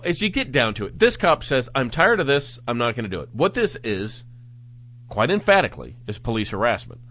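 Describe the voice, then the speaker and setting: A man hosting a talk show, reading news reports aloud and commenting on them in a sarcastic, animated way. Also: mid-range voice. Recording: dull lo-fi audio.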